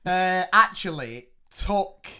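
A man co-hosting a podcast, telling a family story in an animated, laughing way. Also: sits high, takes it slowly, smooth. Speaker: podcast co-host. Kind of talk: casual storytelling chat.

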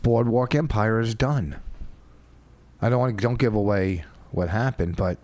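A man's voice: on the low side, a little slow, darkish tone, no echo. A man comedian hosting a casual chat, rambling and profane as he tells stories. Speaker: comedian host.

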